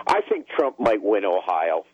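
A man, a political strategist guest on a radio call-in show, speaking haltingly with many filler pauses. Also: sits low, a bit bright, husky, no room sound. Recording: dull lo-fi phone line.

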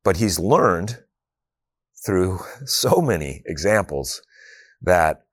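Deep middle-aged guy, earnest faith talk, chatty with lots of "you know". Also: sing-song, takes it slowly, slightly rough. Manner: earnest, conversational, with many "you know" asides. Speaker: speaker. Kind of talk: faith talk with personal storytelling.

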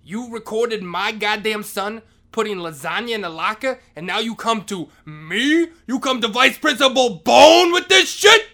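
A man plays a bullying vice principal who yells curses at full volume in a high, piercing, sharp-edged voice. He is arrogant and crude, and he sneers as he speaks of himself in the third person. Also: measured pace, few pauses, heavily acted. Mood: furious.

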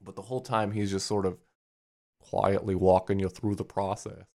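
Young guy rambling on a podcast, kinda low voice, lots of likes and ums. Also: level tone, normal speed, creaky, dark tone. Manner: rambling, filler-heavy, laughs often. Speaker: podcast co-host. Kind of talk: casual chat.

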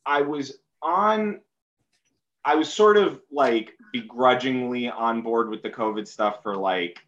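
A man from New City, a podcast guest talking casually and haltingly, full of ums and uhs. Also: medium pitch, a bit bright, muffled recording. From New York City. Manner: hesitant, lots of fillers and restarts. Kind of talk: casual conversation.

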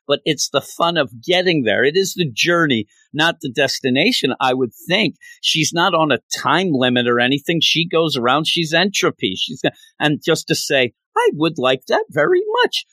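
A man co-hosting a casual comic book review chat, animated and sarcastic, who keeps slipping into mocking voices. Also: on the high side, moderate pace, hardly any pauses, no room sound.

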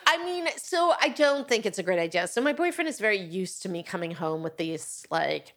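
A woman guest on a podcast, chatting casually and telling a lively story with quoted voices. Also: mid-range voice, moderate pace. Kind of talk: casual chat.

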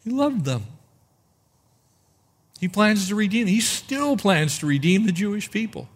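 A man preaching, with a voice a little higher than most men's. He works through scripture verse by verse, fires off rhetorical questions and slows right down to lean on the key words. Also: very animated. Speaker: pastor. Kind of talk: sermon.

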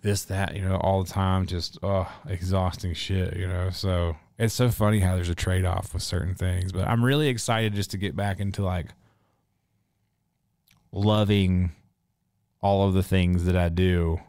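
Man, from North Carolina, casual profane rant, lowish voice, dry close sound. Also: unhurried, no echo. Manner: profane, animated ranting with exasperated outbursts. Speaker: streamer answering chat. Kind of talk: casual rambling chat.

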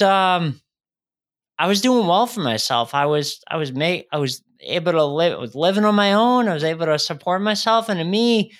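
A man in his thirties, a guest speaker telling his own story in a podcast interview, earnest and halting with frequent restarts. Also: fairly high pitch, fairly bright tone.

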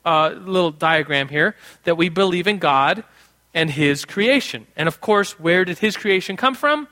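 Bright, high-voiced playful preacher man. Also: animated, measured pace. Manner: playful, jokey teaching with a casual tone. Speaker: pastor teaching a congregation. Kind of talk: conversational sermon. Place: in front of a live group in a room.

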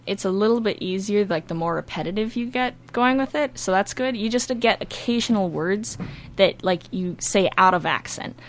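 A teenage girl from Minnesota with a Minnesotan accent, a high school actor chatting in an interview and laughing often. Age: teens. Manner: chatty, giggly, quick to laugh. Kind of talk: casual interview talk.

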